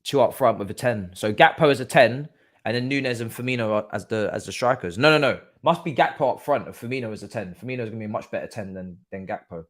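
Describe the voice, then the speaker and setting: A man hosting a live football watchalong stream, chatting through the match as a fan and bursting into shouts at big moments. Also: medium pitch, quick pace. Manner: excitable, erupts into shouts and laughs at goals. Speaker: watchalong host.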